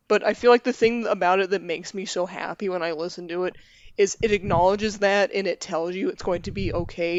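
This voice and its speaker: A woman's voice: mid-range voice, no echo, lo-fi sound. A young adult woman, a guest on a casual podcast, talking earnestly and rambling a little with plenty of "like".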